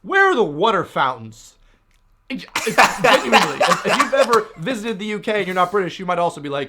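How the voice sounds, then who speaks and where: A man's voice: sits high, sing-song, brisk, pushed and bright, slight background noise. A man giving scripted, playful comedic commentary with mock exasperation. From United States. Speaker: YouTuber.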